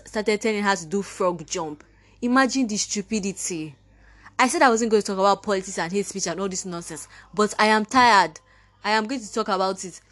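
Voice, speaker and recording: A woman's voice: mid-range voice, a bit bright. Teen Nigerian girl podcaster, fired-up and indignant, scoffing at the people she quotes. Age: teens. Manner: indignant, ranting, mimics others mockingly. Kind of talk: impassioned monologue.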